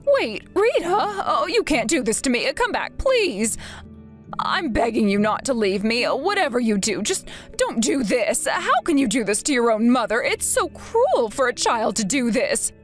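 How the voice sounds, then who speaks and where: A woman's voice: a little high, sing-song, moderate pace, hardly any pauses, faint music behind. A woman voicing a whiny, self-pitying older mother who dramatically pleads with her daughter for money. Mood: pleading. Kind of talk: text-story voice acting.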